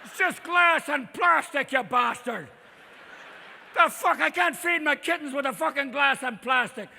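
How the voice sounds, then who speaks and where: A man voicing a furious raccoon with an Irish accent, shouting and cursing about the recycling. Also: extremely high pitch, a little slow, vocal fry, long reverb tail, slight background noise, pitched above the performer's own voice, exaggerated voice.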